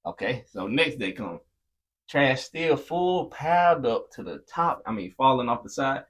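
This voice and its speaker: A man co-hosting a casual faith-based podcast with his wife, telling lively everyday stories and acting out the dialogue. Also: medium pitch, a little slow. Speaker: podcast co-host, husband.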